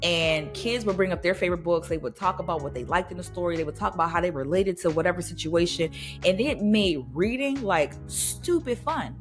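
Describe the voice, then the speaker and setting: Faint music sits behind a fairly low-pitched, brisk woman in her thirties who hosts a podcast. Her talk is casual and nostalgic, full of laughter and frequent playful voices.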